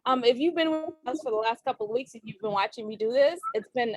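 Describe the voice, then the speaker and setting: A woman hosting a casual interview, chatty and quick to laugh, with a tickle in her throat. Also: on the high side, rough recording. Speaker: host.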